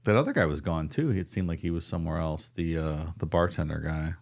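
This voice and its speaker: A man's voice: very deep voice, fairly quick, gravelly. A man co-hosting a casual podcast, chatting in a laid-back, wry way about a case. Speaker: podcast co-host.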